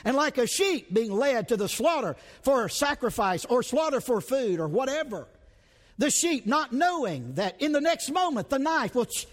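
A man preaching an expository sermon, dramatic and emphatic, repeating rhetorical questions, stretching out words and dropping to a hush. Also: extremely high pitch, sing-song, moderate pace, long reverb tail.

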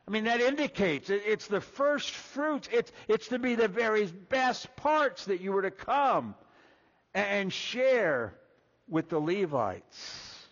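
A man preaching a sermon, folksy and animated, acting out little quoted voices as he walks through Scripture. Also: sits high, a little slow, lo-fi sound. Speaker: pastor.

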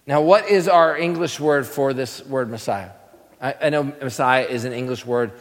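A man's voice: mid-range voice, normal speed, long reverb tail. A man teaching scripture sermon-style, quizzing his listeners and answering his own questions. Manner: asks the audience questions and answers them himself. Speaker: preacher teaching a class.

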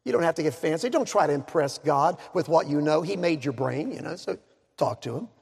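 A man preaching a sermon, dramatic, slowing down to stress key words, with joking asides. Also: on the high side, expressive, creaky, a little mellow, slightly rough. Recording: long hall reverb.

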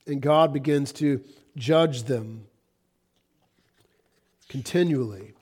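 A man's voice: mid-range voice, slow pace, a little mellow, breathy edge. A man preaching a sermon, reading scripture aloud and explaining it in an earnest, emphatic manner.

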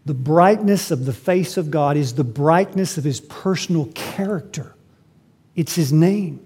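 A man preaching a sermon, swinging between loud, emphatic lines and quiet asides as he works through a scripture passage. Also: a little high, measured pace, husky. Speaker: pastor.

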